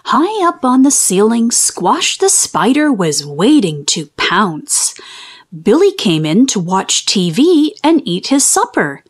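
A woman reading a children's book aloud in an expressive, animated way. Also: fairly high pitch, slow pace. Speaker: children's storyteller.

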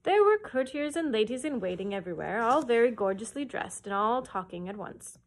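A woman librarian reading a children's chapter book aloud at story time, in an expressive, lively storytelling manner. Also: a little high, a little fast.

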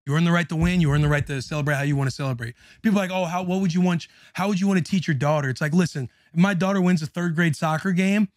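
Ranting podcast host, dry close sound. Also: male voice, on the high side, no echo. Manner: profane, animated ranting. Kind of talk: casual chat.

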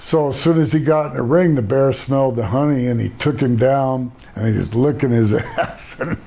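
A man's voice: medium pitch, moderate pace, creaky, warm tone, a little hiss or hum. An older man, a retired pro wrestler, telling rambling laid-back stories in a casual interview and laughing at his own jokes.

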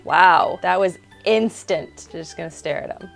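A woman's voice: on the low side, normal speed, vocal fry, hardly any pauses, a bit bright, soft background music. A young woman hosting a let's-play, chatting in a bubbly way and talking to her game characters. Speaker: gaming channel host.

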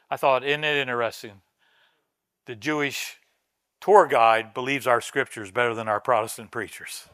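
A man preaching a sermon as pastor, telling a story with swings from soft asides to loud emphatic lines. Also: medium pitch, normal speed, no room sound. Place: church sanctuary.

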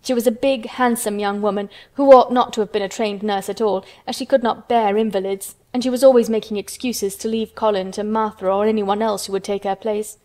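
A woman reading a children's storybook aloud in steady, measured narration. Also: medium pitch.

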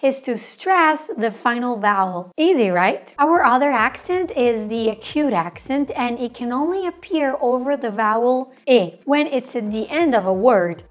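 A woman teaching a language lesson in scripted narration, slowly spelling out letters and words with care. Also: on the high side. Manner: slow, careful spelling out of letters.

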